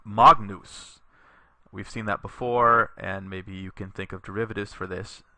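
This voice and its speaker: A man teaching a Latin lesson in a recorded tutorial, reading sentences slowly for learners to repeat and explaining patiently with a few fillers. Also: on the low side, steady tone, vocal fry, pushed and bright, no room sound. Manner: slow, deliberate reading aloud for learners to repeat.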